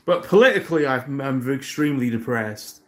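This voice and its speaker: A man's voice: mid-range voice, animated, moderate pace, fairly bright tone. A British man of thirty-one chatting casually on a livestream, rambling and self-deprecating, with many fillers and restarts. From Britain. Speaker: streamer.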